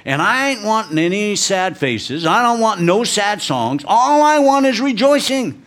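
A man's voice: high-pitched, very animated, a little slow, a bit bright, pitched above the performer's own voice, full character voice. A man putting on his feisty mother in her eighties, insisting and scolding. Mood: fiercely rejoicing. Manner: insistent, jabbing.

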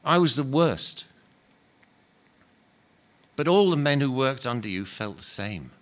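A man reading aloud and voicing a patient, humble male spirit who talks softly and earnestly. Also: medium pitch, unhurried. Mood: gentle. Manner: calm, soft, earnest and patient. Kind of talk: dramatic reading of a novel.

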